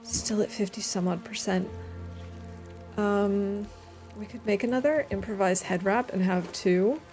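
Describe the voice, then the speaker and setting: A young adult woman streamer chatting casually while playing a game, reading chat aloud and dropping quiet asides. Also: medium pitch, unhurried, soft background music. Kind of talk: casual gameplay commentary.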